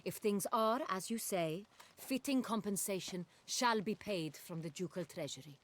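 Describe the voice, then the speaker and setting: A woman's voice: mid-range voice, close to an everyday voice. A woman voicing a stately duchess. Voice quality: stately, measured. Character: regal female duchess, gracious and formal.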